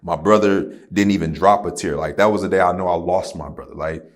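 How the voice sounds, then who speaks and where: Deep-voiced man telling his story candidly. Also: steady tone, a little fast. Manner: candid, profane storytelling with slang like "bro" and "you feel me". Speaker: podcast guest, rapper. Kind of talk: casual conversation.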